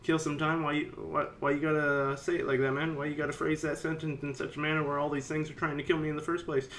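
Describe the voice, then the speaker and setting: A man giving casual let's-play commentary, rambling and chatty with sudden excited yelps. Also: on the high side, quick pace, slight background noise. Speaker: game commentator.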